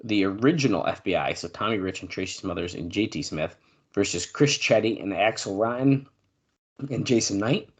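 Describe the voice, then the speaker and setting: A man co-hosting a podcast in casual chat, reading news notes aloud with fillers and now and then clearing his throat. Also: fairly low pitch, moderate pace. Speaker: podcast co-host.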